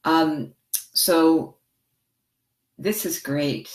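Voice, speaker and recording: A middle-aged woman therapist talking casually and excitedly to her viewers, a chatty self-described goofball. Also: low-pitched, extremely slow. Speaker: therapist vlogger. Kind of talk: casual vlog talking to viewers and live chat. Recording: echoey, roomy sound.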